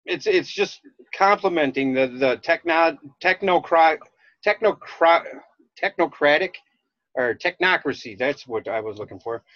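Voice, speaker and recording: A man's voice: on the high side, fairly bright tone, dry recording. Rambling Minnesota man on a dull line. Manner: rambling, halting with restarts. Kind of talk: casual chat. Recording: dull lo-fi dry sound.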